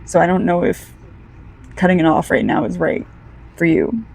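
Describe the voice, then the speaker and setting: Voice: mid-range voice, level tone, normal speed, creaky, darkish tone, low-quality recording. A card reader giving a casual, heartfelt pick-a-card energy reading, talking straight to the viewer.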